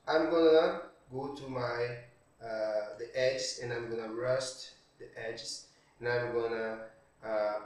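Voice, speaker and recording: A man who makes 3D art tutorials narrates a screen-recorded software walkthrough, thinking aloud and checking in with tag questions. His voice is mid-range, and he's a non-native speaker whose first language is Portuguese. The room is very echoey and the mic sits far from him.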